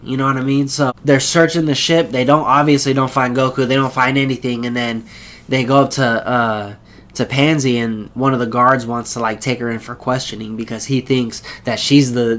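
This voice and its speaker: A man casually retelling an anime episode in a loose, rambling way, jumping into quick character voices. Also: mid-range voice. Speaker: anime reviewer.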